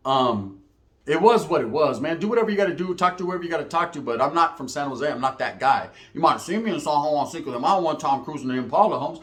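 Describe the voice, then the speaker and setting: A man's voice: fairly high pitch, animated, fast talker, fairly bright tone. A man from Merced, California, telling a story in casual slang-heavy, profane street talk.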